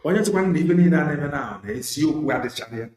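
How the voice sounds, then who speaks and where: A man's voice: a little high, lively intonation, rapid-fire. A man with a Nigerian Igbo accent preaching an impassioned political sermon, switching between English and Igbo. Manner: forceful, exhorting, mixing English and Igbo. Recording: echoey room with faint noise.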